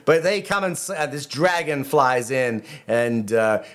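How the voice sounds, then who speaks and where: A middle-aged man talks casually on his own channel, a rabbi chatting at a mid pitch. He rambles, restarts his sentences and drifts into friendly asides. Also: moderate pace, few pauses. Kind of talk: casual video commentary.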